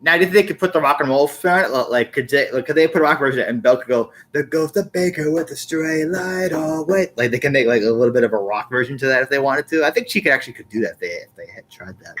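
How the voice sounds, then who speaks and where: A man hosting a podcast in casual chat, rambling and halting, often repeating words. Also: mid-range voice, fairly bright tone. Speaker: podcast host.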